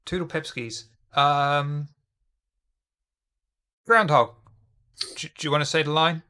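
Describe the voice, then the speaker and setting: A man's voice: on the high side, flat delivery, takes it slowly, pushed and bright, clear, resonant tone. A man hosting a casual podcast, playful and chatty. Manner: playful, wrapping up the show. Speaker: podcast host.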